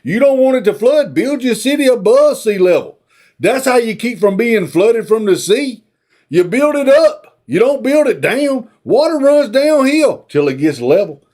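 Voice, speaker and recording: A man's voice: very high-pitched, big pitch swings, normal speed, darkish tone. A man, retelling a movie plot as a rambling, folksy comic story. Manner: rambling, folksy, drawling asides.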